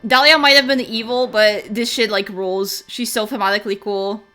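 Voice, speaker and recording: A woman's voice: medium pitch, steady tone, a little fast, pushed and bright. A woman streamer chatting casually and enthusiastically during a game, laughing often. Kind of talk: casual let's-play chat.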